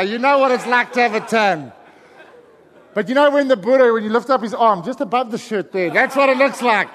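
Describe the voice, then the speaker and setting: Animated man preaching in an echoing hall. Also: extremely high pitch. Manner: animated storytelling, shouting in excited stretches. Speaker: pastor. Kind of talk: sermon. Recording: long hall reverb.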